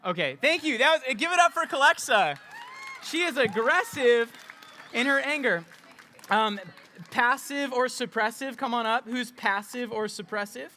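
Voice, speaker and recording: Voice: mid-range voice, lively intonation, moderate pace, bright, forceful tone, a faint crowd, a little hiss or hum. Upbeat youth pastor leading a skit. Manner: upbeat, playful, coaching volunteers. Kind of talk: interactive youth group talk.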